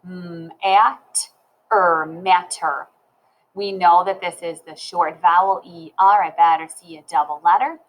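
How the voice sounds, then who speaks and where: A woman teaching a phonics lesson to young children, sounding out word parts slowly and clearly. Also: lowish voice, steady tone, muffled recording.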